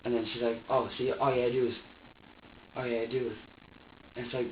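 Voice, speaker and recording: A man's voice: medium pitch, flat delivery, fast talker, slight background noise. A young man in a police interrogation room, heavy with swearing as he re-enacts heated arguments, caught on a distant security camera mic. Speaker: interrogation subject. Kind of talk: agitated personal account. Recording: echoey, distant, dull security recording.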